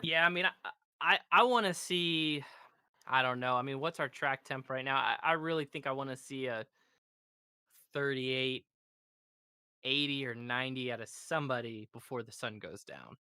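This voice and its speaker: A man commentating a live sim race, enthusiastic and quick to laugh, often restarting his sentences. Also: mid-range voice, pushed and bright, clear, resonant tone, no echo, studio quality.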